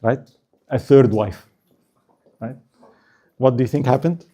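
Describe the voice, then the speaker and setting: This speaker gives a relaxed history talk at an Islamic center in an unhurried, warm, husky voice of medium pitch. He keeps asking the audience "right?" and jokes and laughs with them.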